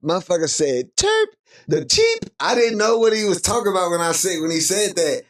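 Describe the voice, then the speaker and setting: A man with a Bay Area accent hosting a live podcast, reacting casually and laughing often. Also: fast talker. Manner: laughs often, loose and animated, rising to high squeals. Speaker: podcast host reacting to a clip. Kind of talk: casual live-stream commentary.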